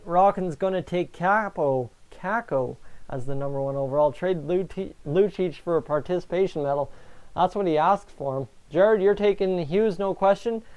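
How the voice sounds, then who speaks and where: A man's voice: on the high side, a little mellow, clear, resonant tone. A man hosting a casual live stream, chatting away and answering viewer comments as he goes. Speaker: fan streamer and host.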